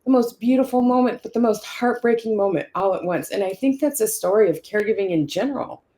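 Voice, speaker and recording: A woman's voice: medium pitch, expressive, quick pace, mellow. A woman telling a personal caregiving story in conversation, checking in often with "you know" and "right?". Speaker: caregiver sharing her story.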